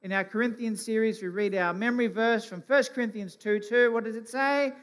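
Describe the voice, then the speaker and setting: A man giving the children's talk at a church service, asking simple, gentle questions. His voice rings out with the long reverb of a church hall. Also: high-pitched, steady tone, a little fast. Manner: gentle questioning, plays along with puppet. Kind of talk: kids' talk from the stage.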